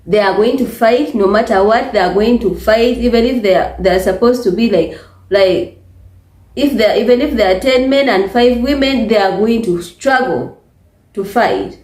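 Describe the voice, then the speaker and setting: Brief: Ugandan woman vlogger, emphatic and exasperated, fairly high voice, roomy echo. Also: normal speed, darkish tone. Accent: Ugandan English. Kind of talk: casual talk to camera. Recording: echoey room.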